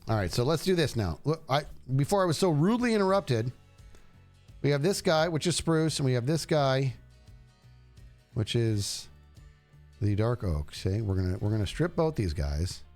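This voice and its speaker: A man streaming a game and chatting casually, animated and jokey, talking to himself as he plays. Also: medium pitch, moderate pace, faint music behind. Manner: animated, jokey, talks to himself while playing. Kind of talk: casual gameplay commentary.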